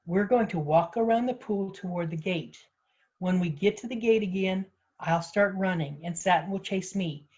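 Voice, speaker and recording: A woman reading a story aloud, voicing a level-headed older woman who speaks gently and coaxingly. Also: medium pitch, normal speed, dull audio, natural voice. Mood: steady.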